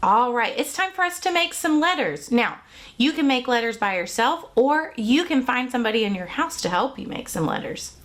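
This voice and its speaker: A woman's voice: fairly high pitch, expressive, normal speed, fairly bright tone. A woman teaching an online kindergarten music class from a music room at home, talking to young children in a cheerful, sing-song way with simple songs and counting.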